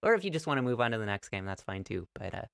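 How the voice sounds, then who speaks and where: Low gravelly guy teaching beginner go, easygoing and jokey, dry close mic. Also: rapid-fire, no room sound. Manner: relaxed, encouraging, playful. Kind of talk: casual online lesson.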